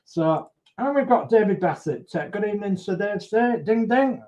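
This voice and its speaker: A man's voice: high voice, expressive, moderate pace, heavy background noise. A man hosting a casual model-building livestream, chatty and friendly, greeting viewers by name and rambling with many restarts. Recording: dull lo-fi stream audio.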